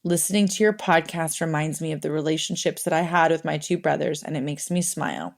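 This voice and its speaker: A woman's voice: low voice, lively intonation, fairly quick, gravelly. A woman in her forties co-hosting a casual podcast, reading listener emails aloud and turning tearful and laughing easily. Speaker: podcast co-host.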